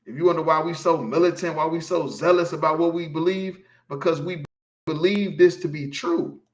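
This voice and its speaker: In an informal sermon, a street preacher with a fairly high voice teaches scripture at normal speed, emphatic and preachy in manner. He repeatedly asks "you feel me," and the audio has a roomy sound.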